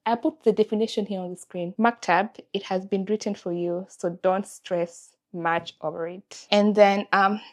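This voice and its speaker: A woman's voice: mid-range voice, steady tone, moderate pace, hardly any pauses. A young woman, talking candidly and emotionally in a confessional vlog. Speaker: vlogger.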